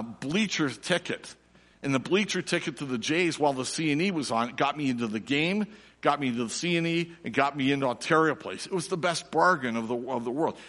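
A middle-aged man, preaching a sermon and telling a lively personal story before turning quiet and slow. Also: mid-range voice. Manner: animated storyteller, drops to soft and slow for reflection. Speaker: pastor. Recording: long reverb of a large hall.

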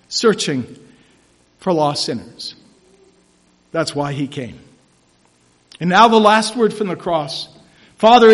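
A man preaching a sermon as pastor, emphatic and rising to loud declarations, in a church sanctuary. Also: high voice. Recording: church hall reverb.

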